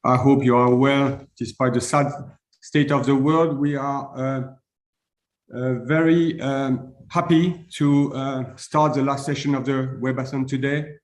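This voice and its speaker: A man's voice: mid-range voice, fairly even intonation, slow, roomy sound. A man with a German accent moderating an online session and introducing a speaker, with frequent hesitations. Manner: hesitant, many fillers. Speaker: webinar moderator.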